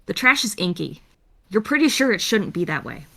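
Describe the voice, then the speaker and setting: Lively-voiced woman running a tabletop game. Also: mid-range voice, a little fast, vocal fry. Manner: relaxed, playful. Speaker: game master.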